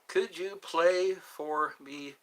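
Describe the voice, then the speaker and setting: A man hosting a casual live stream, musing aloud and half-singing song lines softly. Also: a little high, extremely slow.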